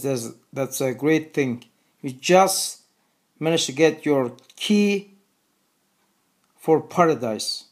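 A man with a Turkish accent, a native Turkish speaker, talking earnestly to the camera in a video, repeating his phrases slowly and deliberately. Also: fairly high pitch, a little mellow. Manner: earnest, repetitive, slow and deliberate. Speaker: video host. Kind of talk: religious appeal to camera.

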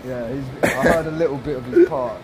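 A man's voice: mid-range voice, fairly quick, a crowd in the background, poor audio. A man in cheeky, teasing banter with a friend in a shopping mall. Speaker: rapper. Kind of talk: casual chat.

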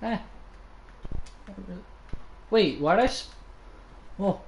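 An excitable gaming streamer who swears often and trash-talks the game while playing. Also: mid-range voice, very slow. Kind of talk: casual gameplay commentary. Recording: echoey room with clear background noise.

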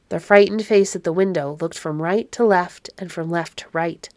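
A woman's voice: fairly low pitch, dry recording, clean studio sound. Woman narrating an old storybook. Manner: measured, expressive narration. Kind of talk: storybook read-aloud.

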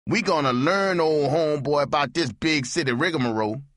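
A man voicing a jeering male barfly who speaks with a Southern US accent in a slow drawl. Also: fairly high pitch, fairly bright tone, no echo, clean studio sound, pitched above the performer's own voice, lightly acted.

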